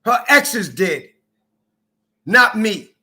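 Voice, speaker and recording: A man's voice: high voice, expressive, very slow, pushed and bright. A man from Minnesota delivering an angry, accusing personal rant, profane and repetitive. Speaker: vlogger.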